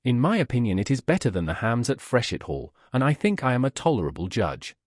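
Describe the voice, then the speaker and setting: A man's voice: mid-range voice, very animated, quick pace, dry recording, clean studio sound. A man voicing a pompous, wordy male auctioneer who speaks in a sonorous, self-satisfied manner.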